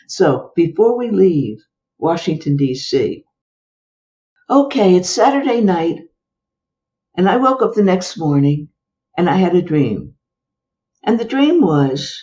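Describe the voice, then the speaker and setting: An older woman, a psychologist as interview guest, telling a personal story with animated exclamations. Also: on the low side, dull audio.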